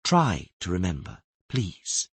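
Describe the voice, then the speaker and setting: A man voicing a sorceress in an audiobook, gently insistent as she questions a girl. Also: sits low, wildly swooping pitch, slow pace, husky, dry recording, exaggerated voice. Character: calm sorceress woman, insistent teacher.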